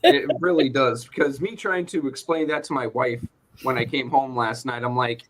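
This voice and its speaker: A man's voice: medium pitch, normal speed. A male show host ranting in casual chat, joking and swearing freely.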